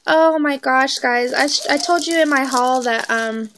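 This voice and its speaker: A woman chatting excitedly as she unboxes crafting mail, filming on her phone at home, gushing over each item. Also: high voice, unhurried, background noise. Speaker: crafting vlogger. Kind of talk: casual unboxing chat.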